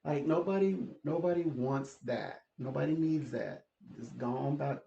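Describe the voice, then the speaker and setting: A man's voice: medium pitch, normal speed, gravelly, warm tone. A man talking in a casual, rambling monologue, laughing often and repeating words as he goes. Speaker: channel host. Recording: echoey room, slightly dull sound.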